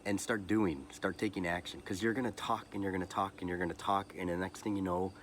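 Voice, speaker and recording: A man with a very low voice, speaking earnestly and with feeling as he hosts a personal podcast episode. He stumbles, repeats words and restarts his sentences. Faint noise sits under the recording. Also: little pitch movement, quick pace, fairly bright tone. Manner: earnest and emotional, motivational asides. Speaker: podcast host. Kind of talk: personal heartfelt monologue.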